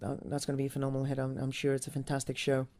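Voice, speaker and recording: Stage actor from Newcastle, English man with a mixed American-Northern English accent, speaks quickly with little pitch movement. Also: monotone, a little mellow. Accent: mix of American and Northern English. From Newcastle, England. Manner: rambling, many restarts and fillers. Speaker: musical theatre actor and singer. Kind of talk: interview answers.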